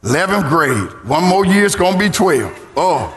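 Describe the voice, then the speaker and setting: Preaching man with a sung, shouting delivery. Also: high voice, sing-song, normal speed, heavy background noise. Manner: preaching with rising sung shouts, call and response. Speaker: pastor. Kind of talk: sermon. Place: church. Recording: church hall reverb.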